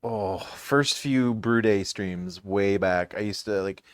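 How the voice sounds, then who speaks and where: A man's voice: on the low side, slow pace, no room sound, studio quality. A man who hosts a podcast and streams, chatting casually and telling stories with frequent laughs. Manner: laughs often, tells animated stream stories. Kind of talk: casual chat.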